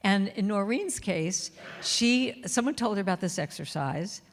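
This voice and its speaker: A woman's voice: mid-range voice, animated, measured pace. A middle-aged woman giving a playful, chatty spiritual talk to a congregation, acting out little quotes as she goes. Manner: warm, chatty, playful, acts out quotes and sings snippets. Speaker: inspirational speaker and singer. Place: large church hall. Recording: long reverb of a large hall.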